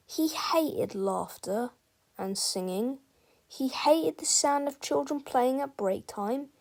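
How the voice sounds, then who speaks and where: A woman narrating a children's book read-aloud in a slow, expressive way, often talking straight to the listener. Her voice sits fairly high, with a gravelly texture. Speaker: storybook reader.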